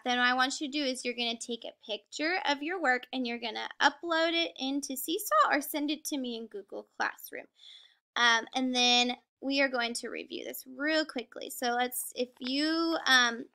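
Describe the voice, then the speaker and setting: A high-voiced woman leads a recorded kindergarten reading lesson. Her tone is bright and encouraging, and she slows down and stretches words out so small children can follow along. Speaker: kindergarten teacher.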